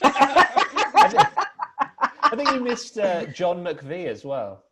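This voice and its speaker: A man's voice: high-pitched, wildly swooping pitch, takes it slowly, very noisy. A man on a comedy panel podcast, making dry, wry asides.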